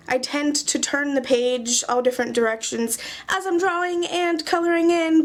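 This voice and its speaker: High-voiced chatty young woman vlogger. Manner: chatty, self-mocking, sarcastic jokes. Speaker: craft journaling vlogger. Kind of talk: casual chat.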